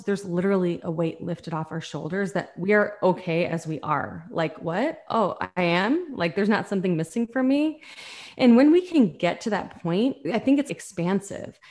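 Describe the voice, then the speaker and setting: A woman coach speaks in a fairly low voice. She talks in an earnest, reflective way. She sounds like a guest in an easygoing podcast conversation. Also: darkish tone.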